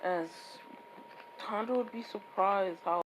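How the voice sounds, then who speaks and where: A woman's voice: mid-range voice, unhurried, a little hiss or hum, poor audio. A woman improvising a fan story in a rambling way, with frequent restarts and repeated "would be like" tags.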